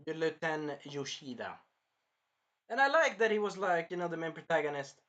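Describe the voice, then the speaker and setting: A man's voice: a little high, sing-song, normal speed, lo-fi sound. Rambling young man reviewing a film. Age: early 20s. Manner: rambling, jumps between topics with sudden loud bursts. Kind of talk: casual rambling movie review.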